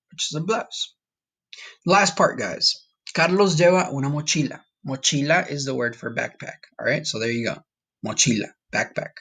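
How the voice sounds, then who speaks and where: A man's voice: medium pitch, a bit bright, husky. A man from Colombia teaching a Spanish vocabulary lesson in a casual, patient way, repeating words for students to practice. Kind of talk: recorded classroom lesson.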